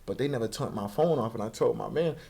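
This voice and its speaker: A man's voice: mid-range voice, fast, gravelly, slightly rough. A young man telling his life story as a guest in a casual interview, acting out quoted voices and swearing freely. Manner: animated, acts out quoted voices, profane street slang.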